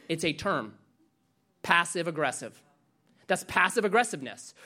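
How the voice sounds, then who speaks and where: A male pastor preaching a sermon, animated and acting out quoted voices. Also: high-pitched.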